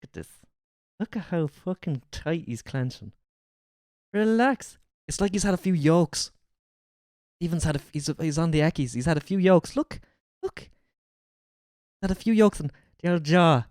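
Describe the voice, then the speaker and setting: Lively streamer cracking crude jokes. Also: medium pitch, moderate pace, pauses often, dry recording, studio quality. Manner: joking, profane, mocking asides. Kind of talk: casual reaction commentary.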